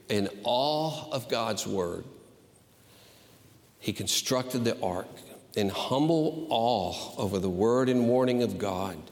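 A man's voice: fairly low pitch, big-room sound. A man preaching a sermon as pastor, earnest and emphatic in his delivery. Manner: earnest, emphatic, slow and deliberate.

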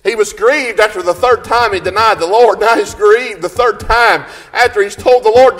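A fervent male preacher with a high-pitched voice delivers an impassioned sermon. His voice rings with a long hall reverb as he reads King James scripture and swells toward shouting. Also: moderate pace, few pauses. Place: church service.

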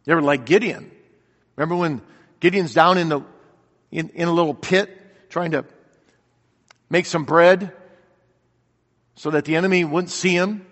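A man preaching a sermon, earnestly asking rhetorical questions and swinging between loud declarations and quiet reflection. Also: a little high, measured pace, pauses often. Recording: long reverb of a large hall.

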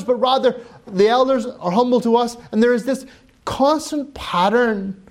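A man's voice: very high-pitched, darkish tone. A pastor preaching a sermon to his congregation, earnestly exhorting and repeating phrases for emphasis.

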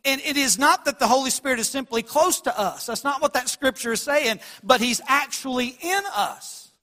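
A man preaching a sermon as pastor, swinging from quiet lows to loud emphatic peaks. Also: normal speed. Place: church sanctuary.

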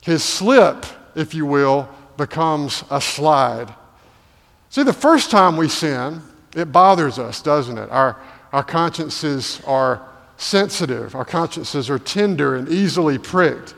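A man's voice: on the high side, animated, slow pace, creaky, a bit bright. A male pastor delivering a sermon, asking rhetorical questions and building to emphatic peaks. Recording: long hall reverb.

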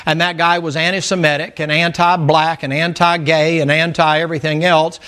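A man's voice: a little high, little pitch movement, moderate pace, sharp tone, smooth. A male preacher delivers a sermon in a folksy, storytelling manner. He makes emphatic asides to his listeners, and his voice sits a little above the middle for a man.

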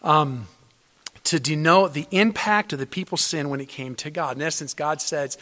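A man preaching a sermon to his congregation as a pastor, swinging between loud emphatic lines and hushed near-whispers. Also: fairly high pitch, expressive, normal speed. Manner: addresses congregation as brothers and sisters. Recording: long hall reverb.

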